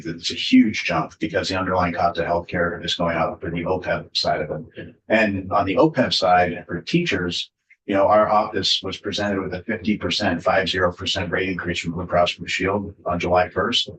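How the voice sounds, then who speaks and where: A deep-voiced man testifies to a committee, explaining figures patiently and padding his answers with fillers. He sits away from the microphone in a reverberant hearing room, with faint hiss underneath. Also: steady tone, moderate pace, fairly bright tone, recorded from a distance. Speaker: state official testifying to a committee.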